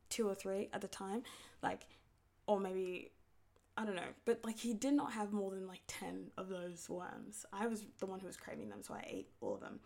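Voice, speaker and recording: A woman's voice: medium pitch, darkish tone. A young woman giving candid, rambling advice in a casual talk, with many fillers. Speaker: video creator.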